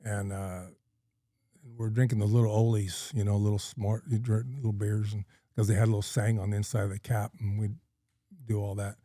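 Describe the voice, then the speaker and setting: A middle-aged Californian man, a guest on a podcast, tells a long story in a folksy, rambling way, full of ums and uhs. His voice is lowish, mellow and flat, and he talks briskly. The recording is clean studio sound with no room sound.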